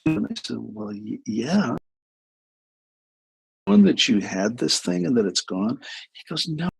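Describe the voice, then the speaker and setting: A man's voice: medium pitch, lively intonation, moderate pace, creaky, pauses often, fairly bright tone, breathy edge, poor audio. A man speaking as a hypnotherapist, telling client stories in a casual livestream talk full of restarts and asides. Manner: conversational storytelling with restarts.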